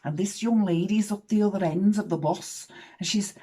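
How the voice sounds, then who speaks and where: A woman in her fifties tells a personal story frankly, swearing and swinging in loudness for emphasis. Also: medium pitch, moderate pace, husky. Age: 50s.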